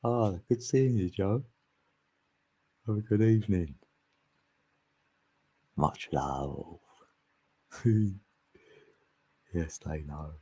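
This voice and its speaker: A chatty man hosting a casual livestream, wandering from thought to thought and laughing as he goes. His voice sits very low and mellow, with a husky edge. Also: extremely slow, long pauses, dry recording. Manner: rambling, chatty, laughs often. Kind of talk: casual chat.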